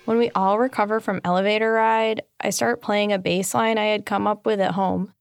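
A woman telling her own memoir as scripted first-person narration, candid, dry and deadpan. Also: medium pitch, moderate pace, vocal fry, clean tone, soft background music.

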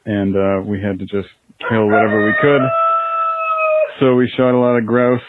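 Flat-voiced man on a tinny phone line. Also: fairly low pitch, very noisy. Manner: flat, matter-of-fact, halting. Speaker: caller. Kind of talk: phoned-in storytelling.

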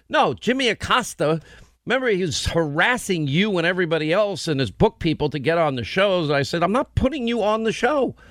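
Blunt, animated man, dry studio sound. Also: a little high, no room sound. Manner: blunt, animated storytelling with quoted asides. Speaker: radio and TV host. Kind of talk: casual on-air banter.

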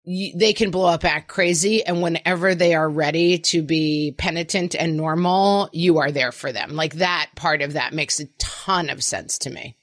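A middle-aged woman talks through parenting moments in a relaxed, chatty way, often slipping into exaggerated voices to act out quotes. Her voice sits a little low. The sound is dry and close. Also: moderate pace, few pauses, no room sound. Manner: animated, acts out quotes in funny voices. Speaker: podcast co-host. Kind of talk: casual chat.

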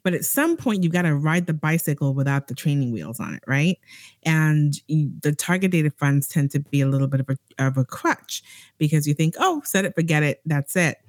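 A woman with a notably low voice speaks in a thoughtful, halting way, pausing to find her words. The sound is dry and close. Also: a little mellow, dry recording. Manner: thoughtful, hesitant, many fillers and restarts. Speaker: co-host, employer. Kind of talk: casual chat.

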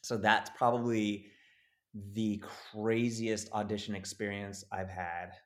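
A man with a fairly low voice tells a story in a relaxed interview. He is animated and jumps into the voices of the people in his story. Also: takes it slowly. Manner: animated, acts out quoted voices. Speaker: actor guest.

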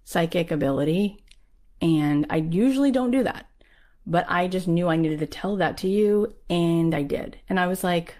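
A woman tells a personal story in a low-pitched voice. She talks in a lively, animated way and peppers her speech with "like." She slips into quick acted voices for the people she quotes.

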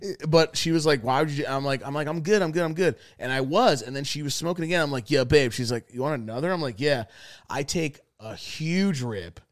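A man's voice: medium pitch, fairly quick, dry recording, studio quality. A young man casually telling a wild story on a podcast, cursing freely, acting out quotes and laughing often. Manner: animated, profane, acts out quotes, laughs a lot. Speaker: podcast co-host.

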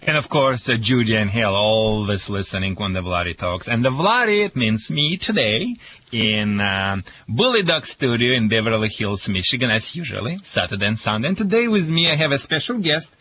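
A man's voice: mid-range voice, very animated, moderate pace, pushed and bright, lo-fi sound, slight background noise. A man with a Russian accent hosting a radio show, chatting playfully in broken English. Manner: broken English, playful banter with his dog. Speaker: radio show host and dog trainer. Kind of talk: casual radio talk.

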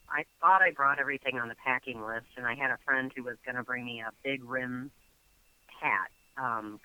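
Brief: man as a talk guest, chatty with lots of fillers, bright and forceful tone, mid pitch. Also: clear, resonant tone, low-quality recording. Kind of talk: casual storytelling.

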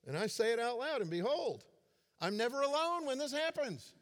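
A man's voice: extremely high pitch, sing-song, moderate pace, fairly bright tone. A man in his forties giving a sermon as a pastor, conversational and self-deprecating in his humor. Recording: long hall reverb.

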